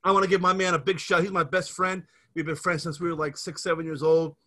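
A man's voice: fairly high pitch, flat delivery, quick pace, pushed and bright. A man in his fifties from the Scranton area of Pennsylvania, hosting a casual podcast and telling a rambling story full of restarts. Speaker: podcast host.

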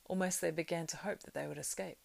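Reading a novel aloud quickly, a woman uses a low, gravelly voice, staying steady in the storytelling and letting it surge in the action. The sound is close and dry, with no echo or room around it.

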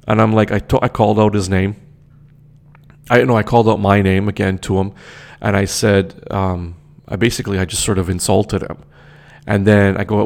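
A man's voice: on the low side, flat delivery, moderate pace, long pauses. A young man telling a story in a casual, indignant rant, swearing often and repeating himself.

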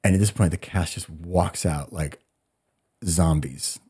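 40s guy on a podcast, low and a bit husky, animated storyteller doing everyone's lines. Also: unhurried. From United States. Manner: animated storyteller, acts out quotes. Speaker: guest.

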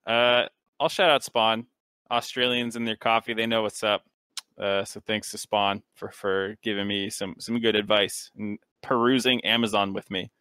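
A man co-hosting a podcast, chatting in an easygoing, self-deprecating way with halting restarts. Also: lowish voice, steady tone, sharp tone, clear, resonant tone, no echo. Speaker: podcast co-host. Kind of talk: casual chat.

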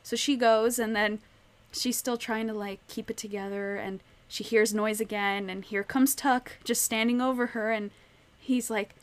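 A woman's voice: on the high side, fairly even intonation, moderate pace. A woman co-hosting a casual podcast chat, retelling a story and acting out the characters' lines. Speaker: podcast co-host.

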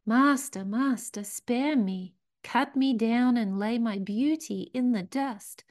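A woman voicing a gentle, devoted bamboo plant from a parable that pleads in archaic speech and sinks to a whisper. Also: a little high, slow. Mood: pleading.

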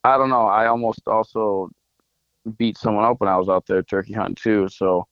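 A man's voice: on the low side, fairly even intonation, fairly quick, fairly bright tone, dry recording, dull audio. A man on a podcast, casually telling a long hunting story full of fillers. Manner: rambling storyteller, lots of "like" fillers. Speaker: podcast co-host.

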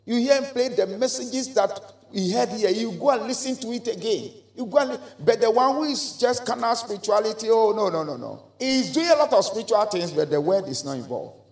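Preacher man, high pitched, keeps asking the crowd to answer back, big echoey hall. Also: expressive, brisk. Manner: emphatic call-and-response preaching with repeated phrases. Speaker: pastor. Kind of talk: sermon. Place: church hall.

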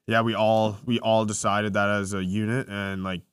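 A man's voice: lowish voice, flat delivery, moderate pace, clean tone, dry recording, studio quality. A man co-hosting a casual sports podcast, opinionated and prone to frustrated rants. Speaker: podcast co-host.

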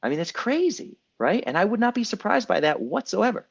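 A man's voice: high voice, sing-song, brisk, vocal fry, breathy edge, highs cut off. A man in his thirties hosting a group coaching call, talking emphatically and casually, repeating himself for effect and swearing now and then. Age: 30s. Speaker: coach and podcast host.

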